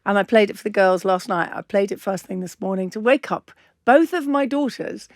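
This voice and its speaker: A woman's voice: mid-range voice, a little fast, dry recording, studio quality. An English woman in her fifties hosting an interview, effusive and emotional. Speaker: podcast host. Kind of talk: casual chat.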